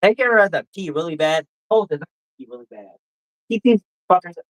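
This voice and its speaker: A drunk man hosting a casual stream, reading viewer comments and arguing loudly, profane and repetitive. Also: high-pitched, lively intonation, brisk, low-quality recording. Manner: loud, profane, argumentative, repetitive. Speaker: livestream host.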